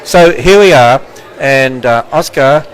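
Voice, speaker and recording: A man's voice: mid-range voice, slow pace, low-quality recording. An Australian man hosting a live interview in a gift shop, playful and joking, stumbling over names. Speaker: host, ministry president. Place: gift shop under a large exhibit.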